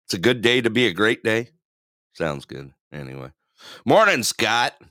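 A man's voice: lowish voice, very animated, moderate pace, sharp tone, no room sound, studio quality. Rambling, laughing male show host. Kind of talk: casual online radio talk.

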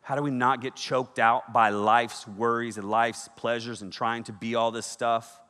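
Animated preacher in a reverberant hall. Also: male voice, medium pitch, normal speed. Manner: animated storytelling, swings from loud to hushed. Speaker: pastor. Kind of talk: sermon.

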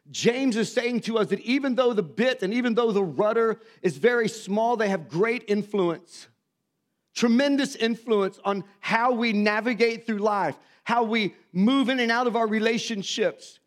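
Folksy high-voiced pastor in his fifties. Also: measured pace. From Missouri. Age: 50s. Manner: folksy, self-mocking storytelling with acted quotes. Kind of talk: sermon.

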